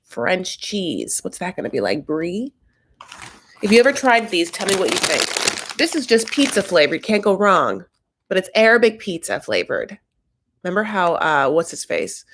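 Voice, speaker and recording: Host, woman, casual live-stream recap delivery, chatty and tangential with animated high spikes. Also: normal speed, noisy background.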